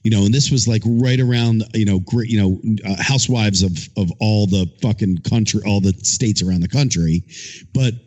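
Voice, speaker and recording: A man's voice: lowish voice, moderate pace, a little mellow. A man hosting a casual chat, laid-back, asking questions and swearing casually. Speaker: podcast host.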